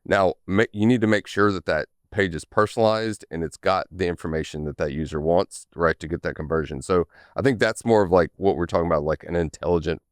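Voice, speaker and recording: A man's voice: deep voice, fairly quick, hardly any pauses, clear, resonant tone, no room sound, clean studio sound. A man with a Southern US drawl, a sales manager chatting as a podcast guest, often repeating words and adding "right?". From Tennessee. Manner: repeats words often, frequent "right?" tags, laughs easily. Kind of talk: casual podcast chat.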